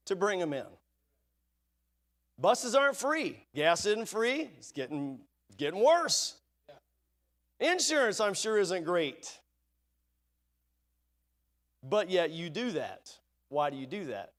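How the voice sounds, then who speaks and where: In a church sanctuary, a male pastor with a high, fairly bright voice preaches a sermon. He poses rhetorical questions to the congregation and reads scripture aloud.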